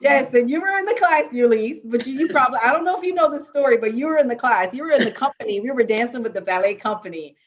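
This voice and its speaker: A woman from Jamaica on a dance panel, telling her story in a lively, casual way and often checking in with "right?". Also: high-pitched, fast talker, hardly any pauses, lo-fi sound. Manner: lively, animated storytelling with many rhetorical "right?"s.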